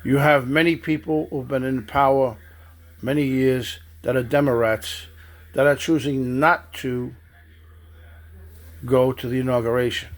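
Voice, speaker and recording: A man's voice: mid-range voice, fairly even intonation, unhurried, long pauses. A man giving a stern political monologue, accusing and addressing people directly. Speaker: political commentator.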